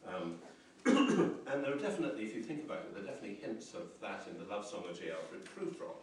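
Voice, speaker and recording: A man's voice: fairly low pitch, very animated, quick pace, a little hiss or hum. A man giving a university lecture on poetry, reflective and hesitant, with many ums and restarts. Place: lecture room. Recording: roomy echoey lecture hall, mic at a distance.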